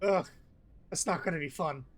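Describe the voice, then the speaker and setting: High-voiced swearing man at the game table. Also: moderate pace. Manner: swears a lot, stammers, laughs. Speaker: player. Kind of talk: casual tabletop game chat.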